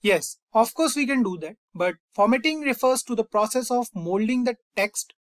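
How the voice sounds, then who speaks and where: A young man hosting a coding tutorial, calmly walking through each step and often saying "fine" and "over here". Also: very high-pitched, normal speed, dry recording. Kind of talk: screen-recorded coding lesson.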